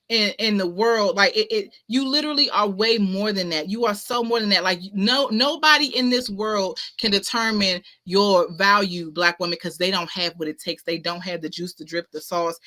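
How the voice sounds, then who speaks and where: A woman's voice: mid-range voice, bright, forceful tone. A woman hosting a spiritual talk stream, preaching self-worth emphatically with slang and repetition, speaking indoors at her home streaming setup. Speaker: host of a spiritual talk show. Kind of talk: casual motivational livestream talk. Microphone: ring light setup, webcam-style stream.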